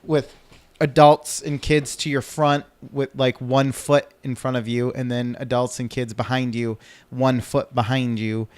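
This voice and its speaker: A man's voice: mid-range voice, level tone, unhurried, clean tone, dry recording. A man in his thirties co-hosting a casual podcast from home, rambling and cutting himself off, cursing when flustered. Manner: rambling, self-interrupting, swears when flustered. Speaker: podcast co-host.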